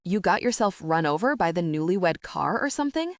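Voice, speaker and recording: A woman reading a brisk, kindly nurse. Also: lowish voice, very animated, no room sound, clean studio sound. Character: friendly hospital nurse, a woman.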